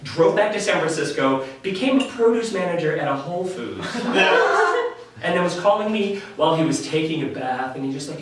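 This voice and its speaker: Animated man telling a story onstage. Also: sits high, a little hiss or hum. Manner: animated, candid, laughs often. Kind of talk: live story slam storytelling. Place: live venue stage. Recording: echoey room from a distant mic.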